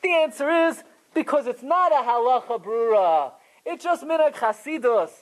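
A man leads a Talmud class. His pitch swings widely, leaping up and down as he makes each point. He sounds casual and conversational, mixing in Hebrew and Yiddish terms. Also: animated, normal speed, rough recording. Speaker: Torah teacher.

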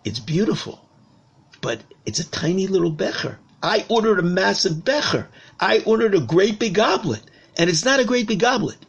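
A man's voice: fairly high pitch, lively intonation, moderate pace, gravelly, darkish tone, breathy edge, muffled recording, exaggerated voice. A man voicing an indignant, demanding older king who exclaims in disbelief. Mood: grudging. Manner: exclaiming, incredulous.

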